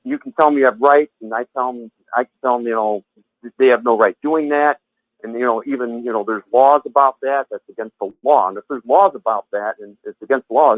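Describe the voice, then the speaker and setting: A man's voice: medium pitch, no room sound. A man speaking over a thin, phone-like line with a dry, close sound. He talks bluntly and at length, circling back to the same words and tossing in profanity. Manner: rambling, repeats himself, blunt and profane. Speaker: former Jehovah's Witness sharing his story. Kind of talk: heated phone conversation.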